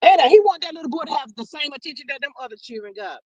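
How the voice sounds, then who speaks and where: In a casual gossip livestream, the host reads viewers' comments aloud and reacts with sassy animation, often saying "child." The voice is high-pitched and rapid-fire.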